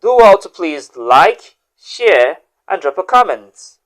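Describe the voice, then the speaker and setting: A woman hosting a pronunciation lesson, saying each word slowly and repeating it as a drill. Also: on the low side, big pitch swings. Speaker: diction teacher and host.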